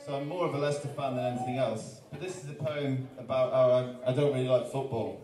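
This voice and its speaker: A man's voice: medium pitch, steady tone, quick pace, recorded from a distance, a crowd in the background. A man from Wales, a performance poet, reciting rhyming verse at a live arts-centre event, with joking chatty asides between poems. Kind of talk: live spoken-word performance. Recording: echoey room, voice from off the mic.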